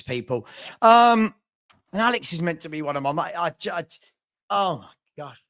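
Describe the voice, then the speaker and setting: A man with a fairly high voice chats on a casual football live stream. He gets worked up and exasperated, repeating himself and restarting sentences as he goes. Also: animated, normal speed, fairly bright tone. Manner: exasperated, repetitive, stumbling restarts. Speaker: football channel host.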